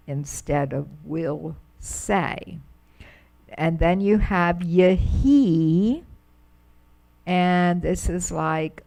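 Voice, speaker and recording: A middle-aged woman teaches a Hebrew class at a very slow, unhurried pace. Her lowish voice carries a gravelly, creaky edge. She stretches out each word she demonstrates, patiently and carefully. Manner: patient, drawn-out pronunciation of words.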